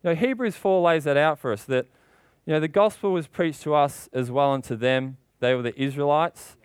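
A man preaches a sermon with passion at a normal pace, his voice smooth and the recording dry. He poses rhetorical questions and grows more worked up as he goes, his pitch climbing with the intensity.

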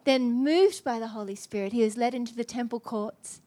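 A middle-aged woman preaching a sermon, telling a personal story in an animated, self-mocking way. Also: a little high, moderate pace.

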